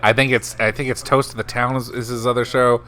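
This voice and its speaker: A man's voice: mid-range voice, flat delivery, a little fast, bright, forceful tone. A man chatting and laughing with a friend while they stream a game, often restarting his sentences. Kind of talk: casual game-stream chat.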